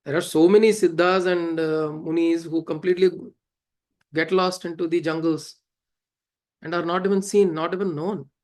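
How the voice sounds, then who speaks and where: A man giving a spiritual discourse, animated and laughing often as he acts out quoted voices. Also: on the high side, moderate pace. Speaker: spiritual teacher.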